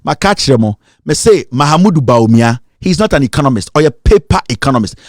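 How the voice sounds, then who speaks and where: A man's voice: medium pitch, lively intonation, fast talker, dry recording, clean studio sound. A Ghanaian man delivering an emphatic, accusatory political rant, switching between English and Twi. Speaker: political commentator.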